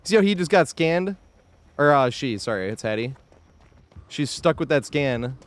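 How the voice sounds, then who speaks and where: A man with a slightly high, animated voice streams a game live, talking at a normal speed with no echo. He chats casually with viewers, swears freely, laughs a lot, and thanks supporters while playing.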